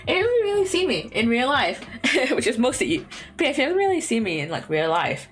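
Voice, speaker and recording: A woman's voice: high-pitched, big pitch swings, fast talker. Rambling young woman streamer. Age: young adult. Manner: rambling, with many fillers, restarts and laughs. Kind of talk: casual chat. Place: her bedroom. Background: faint lo-fi music.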